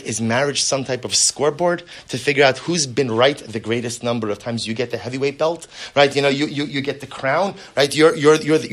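A man, likely a rabbi, giving a spoken lecture on marriage, earnest and fond of rhetorical questions and repeated words. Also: mid-range voice.

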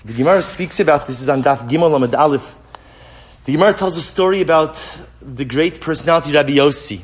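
A man's voice: fairly high pitch, a little fast. Man preaching through a face mask. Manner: impassioned storytelling, climbing in emphasis while retelling a story. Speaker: rabbi addressing yeshiva students. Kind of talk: sermon. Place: study hall.

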